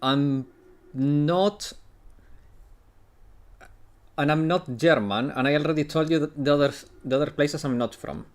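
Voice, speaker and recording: A man's voice: fairly high pitch, measured pace, long pauses. A young man from Italy chatting casually with his live chat while playing and reading a game aloud. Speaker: gaming streamer. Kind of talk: casual livestream commentary and reading.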